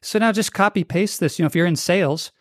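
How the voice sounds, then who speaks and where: A man's voice: sits high, fast, no room sound. A man being interviewed on a podcast, talking with energy and acting out the voices he quotes. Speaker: guest.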